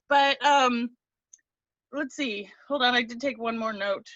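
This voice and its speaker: This woman's voice is a little high, slow, pushed and bright, captured in lo-fi sound with no room sound. She's a team member on a video call telling her story as an emotional testimonial, earnest, close to tears, rambling with restarts.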